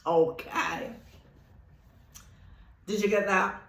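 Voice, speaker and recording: A woman giving a spiritual teaching talk, whose first language is Thai, speaking emphatically, slowing down on key words and laughing often. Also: mid-range voice, fairly even intonation, vocal fry, a bit bright. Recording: roomy echo.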